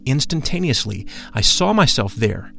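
Guy reading a spiritual memoir, slow and solemn, soft music behind. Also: medium pitch, big pitch swings, gravelly. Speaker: narrator. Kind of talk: scripted narration of a spiritual memoir.

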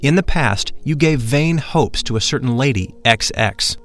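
A man voicing a solemn, gentle elderly spiritual master who gives instructions to his disciple. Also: mid-range voice, expressive, moderate pace, faint music behind.

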